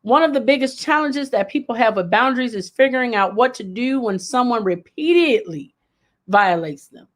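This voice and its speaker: A woman's voice: a little high, lively intonation, normal speed. A woman hosting a live self-help talk, speaking emphatically and repeating key points for emphasis. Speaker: host.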